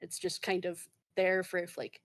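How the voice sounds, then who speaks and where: A woman's voice: lowish voice, monotone, moderate pace. A woman narrating as game master of a tabletop game, hesitant and full of fillers.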